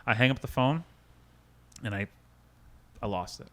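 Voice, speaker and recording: A man's voice: mid-range voice, lively intonation, measured pace, fairly bright tone. A man in his thirties, a podcast guest, telling an emotional personal story in a candid, rambling way with many restarts and quoted dialogue. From United States. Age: 30s.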